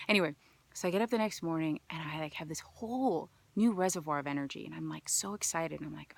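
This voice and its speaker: A woman hosting a self-help vlog, telling a story in a casual monologue that swings from hushed asides to loud emphasis. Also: deep voice, fast talker, vocal fry, dry recording. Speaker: healer and vlog host.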